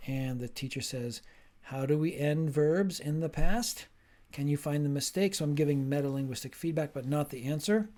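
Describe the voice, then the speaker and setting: Higher-voiced man giving a lecture. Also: a little mellow. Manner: clear, emphatic teaching delivery. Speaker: linguistics professor. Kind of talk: short lecture.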